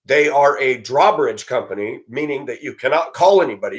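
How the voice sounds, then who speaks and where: A man's voice: mid-range voice, normal speed, hardly any pauses, a bit bright. Indignant profane ranting man. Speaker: vlogger. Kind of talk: angry monologue to camera. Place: at a computer.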